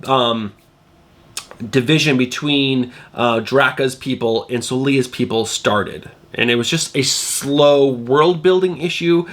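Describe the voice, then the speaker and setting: A man's voice: medium pitch, vocal fry, fairly bright tone. A middle-aged man hosting a comic book channel, sounding nasal from a cold, chatting in a rambling way with lots of fillers. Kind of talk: casual video review.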